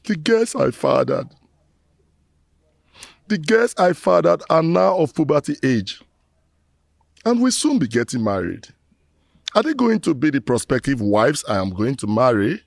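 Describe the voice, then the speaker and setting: A remorseful middle-aged man in a film drama who pleads formally to his ancestors. His gravelly voice rises and falls in a lively way, and the sound is dry and close. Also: on the high side, unhurried, long pauses, no room sound, heavily acted. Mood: lamenting. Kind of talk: Nollywood film acting.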